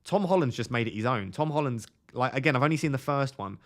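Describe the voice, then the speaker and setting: A man's voice: mid-range voice, lively intonation, fast. A man in his twenties on a casual live stream, reading viewers' comments aloud and answering them. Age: 20s.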